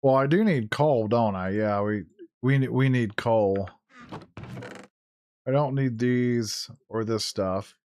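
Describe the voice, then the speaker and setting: A man's voice: mid-range voice, slow pace, pauses often, a little mellow. A man casually talking through a live game stream, chatty and laughing often, easily startled. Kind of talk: casual gameplay commentary.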